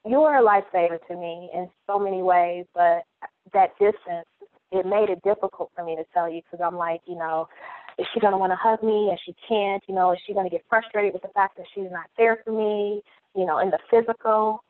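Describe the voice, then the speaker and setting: A woman in her thirties, a podcast guest, speaking hesitantly with many pauses and ums. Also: mid-range voice, steady tone. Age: 30s. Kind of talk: personal conversation. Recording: tinny phone-like line.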